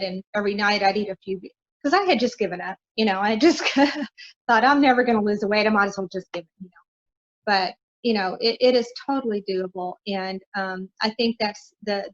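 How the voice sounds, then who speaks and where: A woman's voice: medium pitch, muffled recording. A middle-aged woman guest on a podcast, talking in an earnest, encouraging way with lots of fillers. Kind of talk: casual interview talk.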